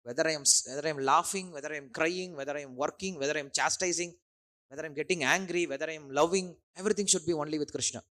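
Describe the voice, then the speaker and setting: A man's voice: on the high side, racing, pushed and bright. A man preaching a sermon, often repeating phrases and checking in with his listeners. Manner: questioning the audience with tag words like "huh?".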